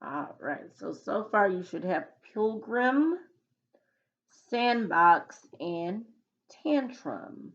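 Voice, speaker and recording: A woman's voice: mid-range voice, lively intonation, highs cut off. A woman teacher giving a recorded phonics lesson, dictating words patiently and explaining spelling rules. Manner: slow, patient dictation with example sentences.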